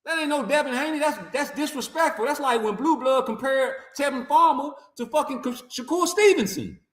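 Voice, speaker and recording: A man's voice: very high voice, a little fast, a bit bright, reverberant. A man, delivering a profane, mocking, heated boxing rant. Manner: trash-talking, mocking, heated. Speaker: boxing commentator.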